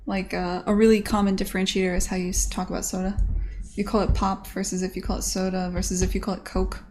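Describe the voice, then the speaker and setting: A woman's voice: medium pitch, flat delivery, quick pace, a little mellow, a little hiss or hum. A woman who develops games, chatting casually on her stream in a rambling way with lots of fillers. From United States. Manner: rambling, filler-heavy, self-talk.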